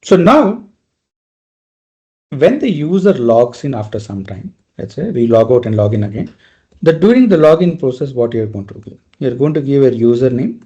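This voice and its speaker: A man's voice: medium pitch, dark tone, lo-fi sound. A male trainer giving a live technical lecture, explaining step by step and often checking in with "right?".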